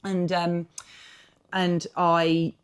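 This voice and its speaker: A woman with a fairly low voice, co-hosting a podcast in relaxed, rambling chat. She drifts through stories with plenty of fillers and drops the occasional swear word in passing. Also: extremely slow, smooth. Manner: chatty, rambling, swears casually, many fillers. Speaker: podcast co-host. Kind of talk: casual chat.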